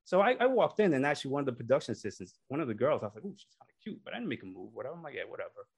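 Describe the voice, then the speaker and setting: A young man tells a story in a relaxed, chatty way. His voice sits in a middle pitch. He gets animated and puts on little voices for the people in his tale. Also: very fast, husky. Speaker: podcast co-host. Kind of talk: casual storytelling.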